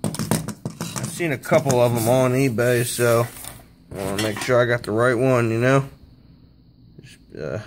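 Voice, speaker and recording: A man's voice: medium pitch, unhurried, long pauses, noisy background. A man filming himself while he works on a car, talking casually, swearing and straining as he goes. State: strained from physical effort. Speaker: DIY car repair vlogger. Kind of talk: casual talk while working.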